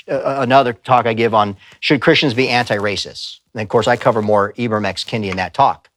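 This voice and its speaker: A man's voice: on the low side, fairly bright tone, no room sound, studio quality. A man giving a live talk in a church, speaking emphatically and telling stories with quoted voices. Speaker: pastor and speaker. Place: church sanctuary.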